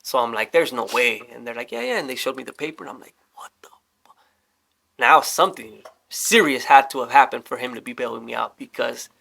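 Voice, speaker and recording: Young cali guy, gravelly and bright, swearing his way through a story. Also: medium pitch, fast talker, hardly any pauses. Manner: animated, swears a lot, acts out quotes. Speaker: storyteller guest. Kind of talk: casual storytelling chat.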